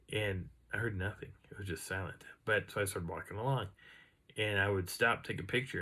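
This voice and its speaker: Low-voiced man telling a woods story. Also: brisk, slightly rough. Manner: rambling, animated, imitates sounds he heard. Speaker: outdoor storyteller. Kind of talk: casual first-person storytelling.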